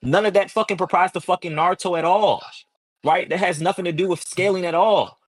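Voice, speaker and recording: A man's voice: high voice, a little fast, no echo, rough recording. A man in a heated online debate, cursing constantly and tagging his points with "right?" and "okay?". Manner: profane, combative, repeats "right?" and "okay?".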